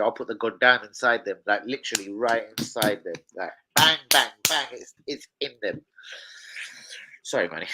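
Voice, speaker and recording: A young man hosting a live football watch-along, swearing heavily and bursting into shouts of frustration. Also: mid-range voice, slight background noise. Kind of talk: casual live football reaction.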